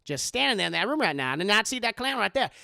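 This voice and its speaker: A man's voice: sits high, very animated, fast talker, gravelly, bright, forceful tone, no room sound, clean studio sound, full character voice. A man voicing a brash, bossy old woman who hollers threats and scolds. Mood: scolding.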